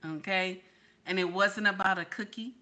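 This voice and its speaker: A woman host lectures her viewers in sassy, preachy reaction commentary. Her bright, forceful voice addresses the audience head-on. She sits in the middle of the usual pitch for a woman. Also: steady tone, moderate pace. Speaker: channel host.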